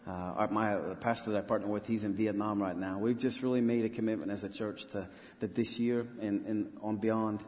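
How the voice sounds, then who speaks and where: A man serving as a missionary pastor, telling a story in an earnest, halting way with many restarts during a church interview. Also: on the low side, steady tone, a little mellow. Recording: long hall reverb.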